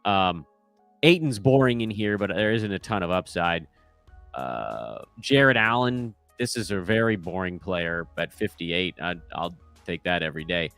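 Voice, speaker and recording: A man's voice: sits low, expressive, a little slow, fairly bright tone, clear, resonant tone, no room sound, soft background music. Offhand self-deprecating man host. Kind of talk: casual commentary. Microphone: microphone.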